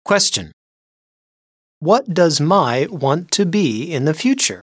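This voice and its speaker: Low, husky woman reading questions. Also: big pitch swings, dry recording, clean studio sound. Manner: slow, measured. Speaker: question reader.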